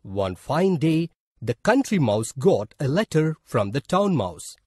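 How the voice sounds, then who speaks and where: Slow Indian-English male storyteller. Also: a little high, very animated, a little mellow, breathy edge, no echo, clean studio sound. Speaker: narrator. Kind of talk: scripted storybook narration for a school lesson.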